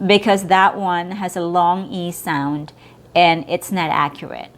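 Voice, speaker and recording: A woman teaching English pronunciation, repeating words slowly and drawing out each vowel. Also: medium pitch, fairly even intonation. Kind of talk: slow, careful pronunciation lesson.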